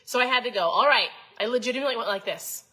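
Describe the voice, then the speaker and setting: Female host, 30s, bright voice, chatty motivational coach who asks the audience questions. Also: a little high, very fast, rough recording. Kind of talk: casual motivational talk to viewers.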